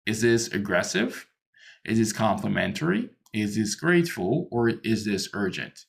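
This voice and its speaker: A man tutoring English over a video call, patient and a little halting as he explains. His voice sits fairly low and has a gravelly edge. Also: very animated. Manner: patient, explains with many ums and restarts. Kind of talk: online one-to-one English lesson.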